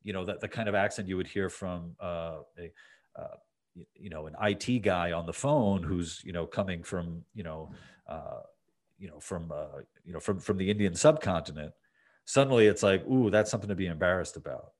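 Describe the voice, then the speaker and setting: Male podcast host with a very low voice, loose conversational delivery. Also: normal speed, darkish tone. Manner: rambling, many fillers and restarts. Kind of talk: casual conversation.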